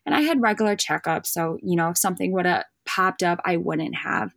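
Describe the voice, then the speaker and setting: A woman's voice: lowish voice, fairly quick, creaky, dry recording. A young woman, a guest on a podcast, chatting casually and animatedly acting out the dialogue in her stories. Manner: lively storyteller acting out quoted dialogue. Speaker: podcast guest, bird dog handler and hunting guide. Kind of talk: casual chat.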